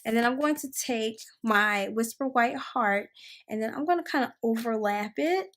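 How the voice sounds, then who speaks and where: A woman's voice: fairly high pitch, normal speed, fairly bright tone, a little hiss or hum. A woman hosting a crafting tutorial, chatting upbeat and casual while she works with her hands. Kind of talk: casual how-to demonstration.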